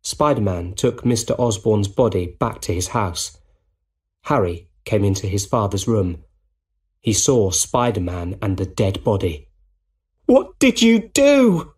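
Slow, low-voiced male story narrator. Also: a little mellow. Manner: slow, plain, clearly spoken.

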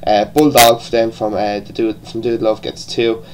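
A man's voice: lowish voice, flat delivery, moderate pace, a little mellow, slight background noise, low-quality recording. A man with an Irish accent giving a casual, rambling review, full of restarts and the odd swear word. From born in England, raised partly in Ireland. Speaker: wrestling show reviewer.

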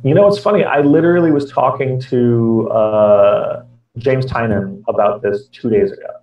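A man's voice: mid-range voice, normal speed. Lo-fi, echoey man telling rambling stories. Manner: rambling storyteller, many fillers and restarts. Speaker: comics writer guest. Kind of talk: casual interview chat. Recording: echoey, distant, dull lo-fi audio.

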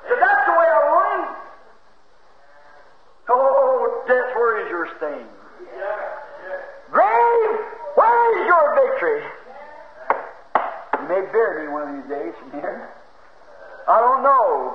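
A fervent male preacher with a notably high voice, swinging from hushed asides to ringing shouts. His folksy phrasing carries through an echoey church. The old tape is dull and lo-fi, with a faint hiss underneath. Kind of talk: fiery sermon.

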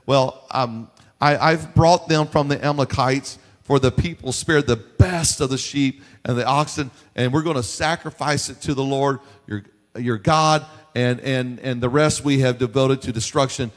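A man's voice: medium pitch, normal speed, big-room sound, close to an everyday voice. A preacher doing a defensive, stammering king. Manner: hesitant, stammering excuses. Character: defensive King Saul, grown man, making excuses.

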